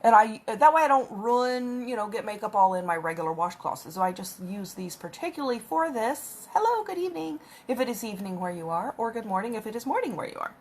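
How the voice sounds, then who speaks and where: Her voice a little high, very animated and brisk with few pauses, a woman chats casually through a makeup tutorial as she applies it. She's a vlogger filming on her phone camera at home, her cat nearby.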